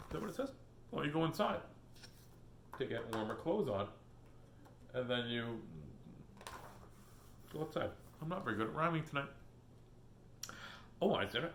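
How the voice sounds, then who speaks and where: A man's voice: mid-range voice, sing-song, normal speed, long pauses, reverberant, a little hiss or hum. A man reading a children's picture book aloud on video, joking between pages and doing silly animal voices.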